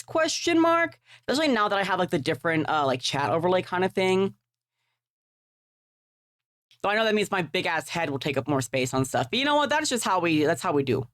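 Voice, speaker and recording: A woman streamer chats through her setup in a rambling, self-deprecating way, dropping casual swears. Her voice sits lowish but swings widely in pitch, and the sound is close and dry with no room echo. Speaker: livestreamer. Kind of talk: casual live-stream chat while gaming.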